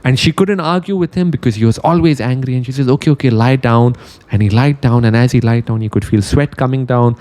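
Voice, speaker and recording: A man with a mellow, warm voice delivering a motivational talk as an animated storyteller. He narrates a parable and slips into its characters' voices before drawing the lesson out to his audience. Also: mid-range voice, quick pace, few pauses. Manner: animated storyteller, acts out quotes. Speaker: motivational speaker.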